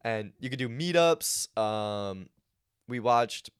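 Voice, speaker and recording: A man's voice: medium pitch, lively intonation, slow, clear, resonant tone. Laid-back young man, slangy podcast chat. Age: young adult. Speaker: podcast co-host. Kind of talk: casual chat.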